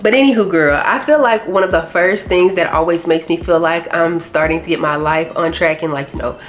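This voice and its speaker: Chatty, low-voiced woman vlogger. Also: brisk, soft background music. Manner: rambling, candid, casual slang. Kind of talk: chatty personal vlog talk.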